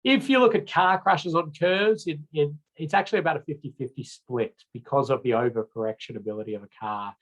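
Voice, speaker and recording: A man's voice: a little high, brisk, few pauses, rough recording. A man with an Australian accent giving a recorded road safety training lecture in a casual, chatty way, with many fillers and restarts.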